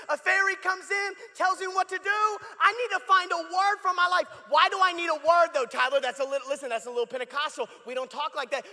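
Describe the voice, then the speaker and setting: A guest pastor with a very high, sharp-toned voice preaches in a church sanctuary, bantering with the crowd in a conversational style. His words echo with the long reverb of the big church hall.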